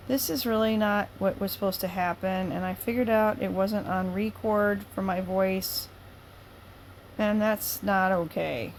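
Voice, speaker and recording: A woman's voice: medium pitch, a little hiss or hum. A woman improvising a playful, rambling storybook tale with made-up rhymes.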